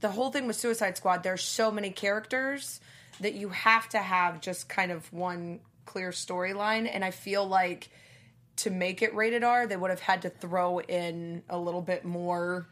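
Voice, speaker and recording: A woman's voice: fairly low pitch, moderate pace. Woman musing in long run-on thoughts. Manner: talks in long run-on thoughts, softened with "like" and "I feel like". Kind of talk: casual chat about movies.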